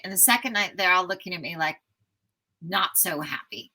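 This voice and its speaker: An enthusiastic woman from the United States in her fifties, chatting as an interview guest with a bright, forward tone. She tells travel stories in a lively, eager way. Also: on the low side, fast, rough recording. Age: 50s. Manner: enthusiastic, animated storyteller. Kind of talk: casual storytelling interview.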